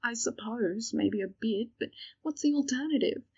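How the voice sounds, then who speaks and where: Woman reading as a hesitant young witch, husky and gravelly, dull lo-fi sound. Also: a little high, dark tone, no room sound. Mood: weary. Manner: hesitant, halting. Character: young witch, frank but frightened.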